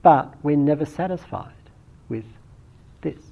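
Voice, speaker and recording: Man, meditation teacher, slightly husky, reflective dharma talk with restarts, dull lo-fi recording. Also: fairly high pitch. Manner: thoughtful, unhurried, with frequent restarts.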